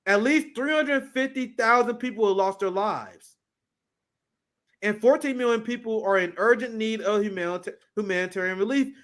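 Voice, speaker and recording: A man hosting casual political commentary, animated and profane, laughing often and reading news aloud. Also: extremely high pitch.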